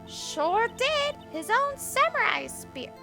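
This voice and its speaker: A woman voicing a nosy, shrill old woman who scolds and brags as a witness in a courtroom game. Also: big pitch swings, slow pace, gravelly, bright, forceful tone, soft background music, heavily acted. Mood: chirpy. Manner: scolding, bossy, indignant.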